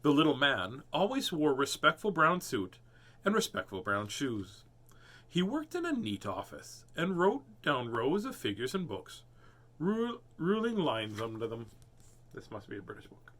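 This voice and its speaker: A man's voice: mid-range voice, wildly swooping pitch, unhurried, fairly bright tone. A man hosting a casual livestream storytime, chatting playfully and joking while he reads a book aloud. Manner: playful, jokey. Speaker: storybook reader host.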